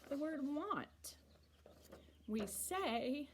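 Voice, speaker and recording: A woman teacher giving a reading lesson to young children, slowly and patiently sounding words out. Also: sits high, sing-song, a little mellow, breathy edge. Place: school or classroom.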